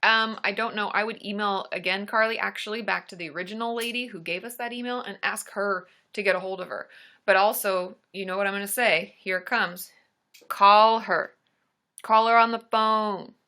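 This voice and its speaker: A young woman acting as a therapist chats through a live-stream Q&A, bubbly and talkative, cheering viewers by name between answers in a casual, friendly tone. Her voice is bright and clear-edged, medium in pitch, steady in tone, and brisk.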